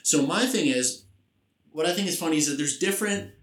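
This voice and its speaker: A man's voice: a little high, expressive, fairly quick, roomy sound, recorded from a distance. A young man co-hosting a casual podcast from a garage, joking, crude and laughing often. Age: young adult. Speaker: podcast co-host.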